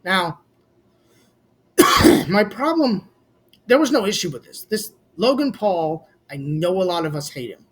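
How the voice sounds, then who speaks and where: A man's voice: high voice, big pitch swings, a little slow, long pauses, slightly rough. A man giving a blunt, casual, opinionated recap for his vlog, swearing freely and talking straight to his viewers. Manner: blunt, swears casually, addresses fans as "boys". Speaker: wrestling commentary vlogger.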